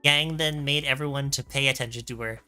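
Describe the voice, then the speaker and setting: A man's voice: medium pitch, fairly even intonation, brisk, sharp tone, soft background music. A male streamer reading a fan story aloud with a guest, joking as he goes. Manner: reads narration, breaks off laughing and joking.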